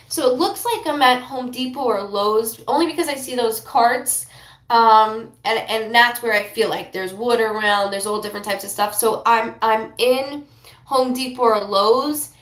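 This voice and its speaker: A woman's voice: fairly high pitch, a bit bright. Rambling emotional woman in an echoey room. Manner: rambling, emotional, channels speech in quick bursts. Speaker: psychic reader. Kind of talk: live psychic reading stream.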